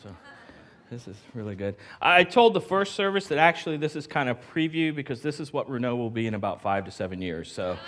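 A middle-aged man preaches from a church platform. He tells a story and slips into its voices with lively energy, at a medium pitch. It sounds like a pastor easing into a sermon. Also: brisk. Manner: animated, acts out voices in a story. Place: church sanctuary.

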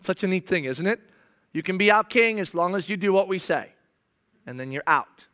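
A middle-aged man preaching a sermon, animated, slipping into sarcastic mock voices as he reads. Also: high-pitched, moderate pace. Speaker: pastor.

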